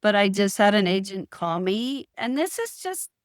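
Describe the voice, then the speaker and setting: A middle-aged woman, a real estate professional, telling stories in a calm, assured way in a casual interview. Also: medium pitch, moderate pace, dry recording, studio quality. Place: California.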